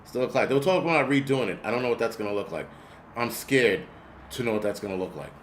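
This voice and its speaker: A man's voice: medium pitch, fast, a little hiss or hum. A man in his forties hosting a casual livestream, ranting in a rambling, profane way and talking back to his chat. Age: 40s. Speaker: host.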